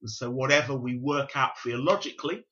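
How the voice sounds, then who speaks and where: A man in his fifties from South London, speaking with a London accent as a bishop being interviewed on a podcast, explaining in a measured, reflective way. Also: mid-range voice, pushed and bright. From South London, England. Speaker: Pentecostal bishop, guest. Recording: dull lo-fi recording.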